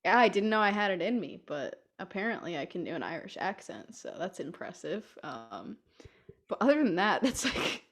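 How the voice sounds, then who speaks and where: A woman's voice: medium pitch, sing-song, moderate pace. Chatty young woman podcast co-host. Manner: chatty, laughs often while telling stories. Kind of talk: casual chat. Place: home room with a cat.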